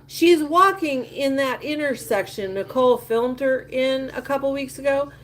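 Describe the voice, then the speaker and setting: Livestream host: woman, fairly high voice, gossipy and emphatic, chatting to viewers. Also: moderate pace. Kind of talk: casual livestream chat reading comments.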